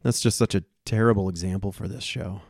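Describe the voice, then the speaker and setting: A man co-hosting a podcast in loose, joking conversation, his low voice carrying a gravelly edge. He rambles and throws in puns as he picks apart an old radio episode. The sound is dry and close to the mic. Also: steady tone, a little fast, darkish tone, dry recording. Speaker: podcast co-host. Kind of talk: casual chat reviewing an old radio show.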